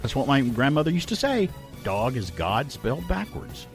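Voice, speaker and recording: A man hosting a casual talk radio show, laughing often and telling stories with quick imitations. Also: medium pitch, very animated, soft background music.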